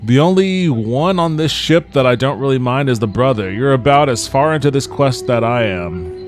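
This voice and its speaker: A man's voice: medium pitch, animated, moderate pace. A man hosting a podcast, giving casual, joking, profane commentary while playing a video game. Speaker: podcast host and gamer.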